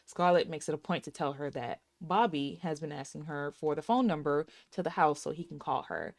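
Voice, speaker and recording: A woman in her thirties with a slightly low voice recaps a movie scene by scene. She is chatty and sassy and talks straight to her viewers. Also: fairly quick. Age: 30s. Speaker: movie reviewer. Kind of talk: casual movie recap and review.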